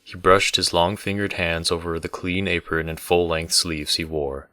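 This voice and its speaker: A man reading a fantasy novel aloud, steady and even. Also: sits low, moderate pace, no room sound, clean studio sound. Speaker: book reader. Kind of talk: audiobook narration.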